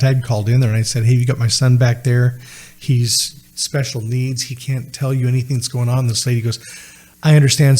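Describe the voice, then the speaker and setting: A man appears as a podcast guest, earnestly telling a personal story and retelling conversations with many "he said" asides. His voice is medium-pitched and warm.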